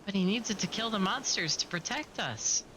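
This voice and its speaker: A man's voice: high-pitched, lively intonation, moderate pace, background noise, pitched above the performer's own voice. A man reading the part of an earnest young village girl from a game. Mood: pleading. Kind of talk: reading game dialogue aloud.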